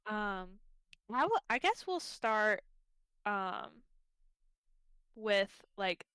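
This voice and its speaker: A woman's voice: medium pitch, big pitch swings, very slow, sharp tone, smooth, no echo. A young woman co-hosting a casual book club livestream, talking bluntly with lots of fillers and some swearing.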